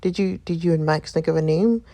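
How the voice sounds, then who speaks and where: A woman voicing a tender young new mother, reading the game's dialogue aloud in a soft, gentle way with a gravelly edge. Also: low voice, a little fast, no room sound.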